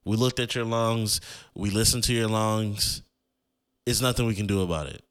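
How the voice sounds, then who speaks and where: With a clear, resonant, fairly low voice at normal speed, a young podcast host in his 20s recounts something personal. He's emotional and casual, and he says "like" over and over.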